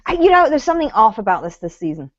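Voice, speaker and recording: A woman's voice: fairly high pitch, sing-song, fast, no room sound, muffled recording. A woman co-hosting a casual chat about reality TV, blunt and opinionated, swearing freely. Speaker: co-host.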